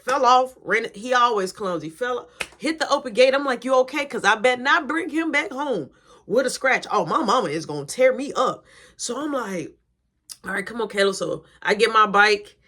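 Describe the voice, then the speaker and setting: A young adult woman telling a casual story, animated and slangy, acting out the quotes. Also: a little high, normal speed.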